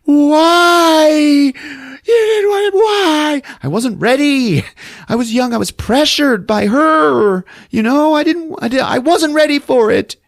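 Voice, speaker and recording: A man voicing a furious teenage son who yells shrill, profane accusations. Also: slow, no room sound, clean studio sound.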